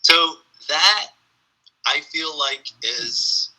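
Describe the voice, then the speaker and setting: A man with a very bright, sharp tone chats as a podcast guest. He muses on ideas and slips into lively storytelling, throat-clearing and saying "um" as he goes. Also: fairly high pitch, drawn-out words, poor audio. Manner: animated storyteller, frequent fillers. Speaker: podcast guest, spiritual teacher. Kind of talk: casual reflective conversation.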